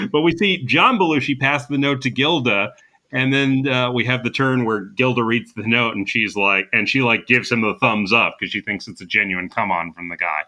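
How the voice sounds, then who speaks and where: Male podcast co-host, bright clear tone, chatty recap style full of ums and uhs. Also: mid-range voice, normal speed. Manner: chatty, recapping with frequent fillers and laughs. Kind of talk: casual chat.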